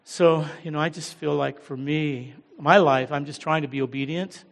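A middle-aged American man preaching as a guest pastor, humble and halting, with many fillers. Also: fairly high pitch, fairly even intonation, vocal fry. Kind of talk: sermon. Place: large church hall. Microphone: handheld or headset mic. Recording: long church hall reverb.

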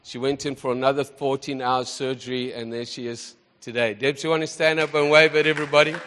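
A man hosting as pastor, telling a story with deep emotion to his congregation. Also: fairly even intonation, brisk, fairly bright tone. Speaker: host pastor. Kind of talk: sermon. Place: church hall with congregation. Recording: church hall reverb with congregation.

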